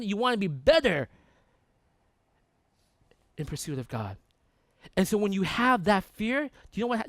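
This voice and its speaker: A male pastor with a high, bouncing voice preaches in a loose, chatty way and keeps checking in with his listeners. The sound is close and dry, with no room around it. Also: no room sound. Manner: animated, conversational, often asks "right?". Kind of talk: sermon with storytelling.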